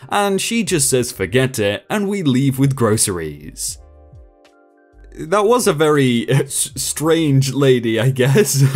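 Man narrating stories with lively pitch. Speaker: story narrator. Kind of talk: reading online stories aloud.

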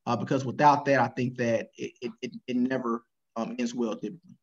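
A man answering as a panelist over a video call, earnest and measured. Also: mid-range voice, steady tone, highs cut off. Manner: earnest, with many fillers and restarts.

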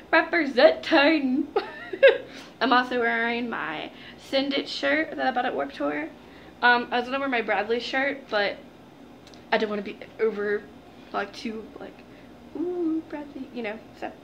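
A woman's voice: a little high, gravelly, fairly bright tone, slight background noise. A young woman chatting to her viewers in a casual unboxing vlog, gushing and giggling, calling them "guys". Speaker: vlogger.

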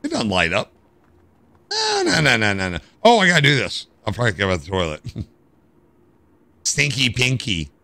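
American male streamer, gravelly and dry, close to the mic. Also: fairly low pitch, fairly quick, no echo. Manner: animated, jokey, complains to chat. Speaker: game streamer. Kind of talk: live gameplay commentary.

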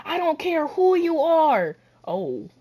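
A woman giving loud, boastful trash-talk commentary while playing a basketball video game, often shouting. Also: sits high, big pitch swings, takes it slowly. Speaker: gamer. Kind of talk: live gameplay commentary.

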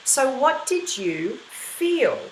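A woman's voice: high-pitched, very animated, drawn-out words, reverberant, slight background noise, poor audio. A woman from Australia teaching an online voice class for kids in an encouraging, storytelling manner. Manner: bright, encouraging teacher voice, storytelling with sung-out examples.

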